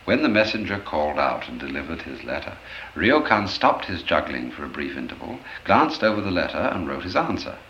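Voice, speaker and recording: A man giving an expressive storytelling lecture, acting out the anecdotes as he goes. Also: a bass voice, brisk, slight background noise. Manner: expressive, animated, acts out stories. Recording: roomy, dull old lecture recording.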